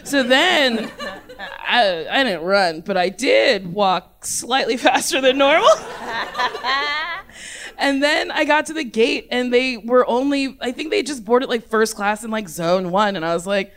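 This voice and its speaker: A woman in casual chat, telling a story in an animated, giggly way and swearing freely. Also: on the high side, a little slow.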